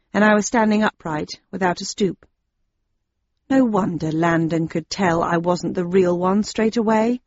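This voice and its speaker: A woman narrating a first-person audiobook in a wry, expressive way. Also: medium pitch, no echo, muffled recording.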